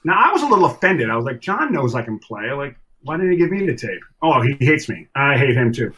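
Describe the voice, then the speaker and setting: A middle-aged man telling a story as a podcast guest, animated and swearing freely as he acts out other people's lines. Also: medium pitch, fast, low-quality recording. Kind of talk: casual storytelling.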